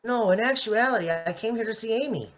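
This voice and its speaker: A woman's voice: on the high side, brisk, lightly acted. A woman voicing Chris, a shy and affectionate young man, in an amateur fan drama. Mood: earnest.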